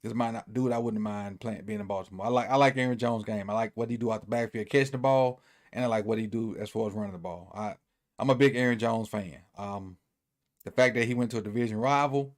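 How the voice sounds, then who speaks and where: A man's voice: fairly low pitch, brisk. Easygoing man rambling through a sports recap. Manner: loose, rambling, repeats himself, thinks aloud. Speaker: sports commentator.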